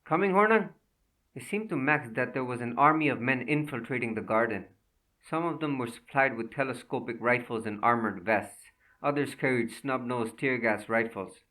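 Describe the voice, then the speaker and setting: A man narrating a thriller audiobook with a steady, measured delivery. His voice sits at an ordinary male pitch. He sounds a little distant from the microphone.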